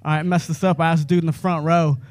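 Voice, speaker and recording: High-voiced American stand-up comic. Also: male voice, very fast, no room sound. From United States. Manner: rambling, animated, swearing, chuckling at own jokes. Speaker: stand-up comedian. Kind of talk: stand-up comedy set. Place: comedy club stage.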